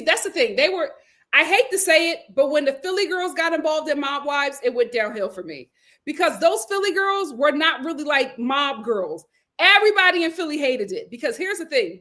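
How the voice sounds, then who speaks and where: High-voiced, animated woman livestream host. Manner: animated, laughs often, swings from loud to murmured asides. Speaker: live recap show host. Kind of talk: casual live-stream chat reading comments.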